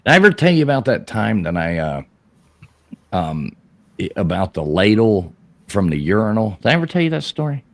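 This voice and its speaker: A man with a low, deep voice and a lively pitch that swings up when he shouts quoted lines. He tells a rambling, profane story on a live show and laughs as he goes. The sound is close and dry. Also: brisk, dry recording. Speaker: show host telling a story. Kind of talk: casual live-stream storytelling.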